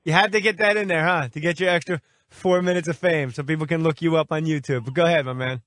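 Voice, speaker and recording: Brash male radio host, high bright voice, dry studio sound, mocking. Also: fairly even intonation, no room sound. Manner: brash, mocking, rapid insults. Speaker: radio show guest host. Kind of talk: sports talk radio banter.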